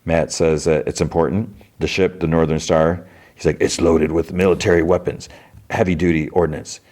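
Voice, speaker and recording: A man hosting a podcast, casually recapping TV episodes in quick quoted bits, with fillers and restarts. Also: very deep voice, little pitch movement, darkish tone. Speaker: podcast host.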